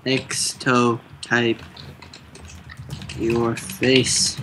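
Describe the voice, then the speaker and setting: A man's voice: medium pitch, very slow, noisy background. A young man chatting casually and laughing easily while playing a game with a friend. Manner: relaxed, easily amused, hesitant fillers. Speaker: gaming YouTuber co-host. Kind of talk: casual gameplay chat.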